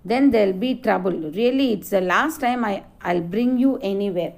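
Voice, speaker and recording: A woman's voice: mid-range voice, normal speed, vocal fry, darkish tone, close to an everyday voice. A woman teacher reading out the lines of a stern mother scolding her child. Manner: stern, threatening.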